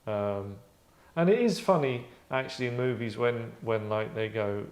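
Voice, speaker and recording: With a medium-pitched voice at normal speed, a man hosts a casual discussion, chatty and wry, slipping into voices as he goes. The recording has a roomy echo.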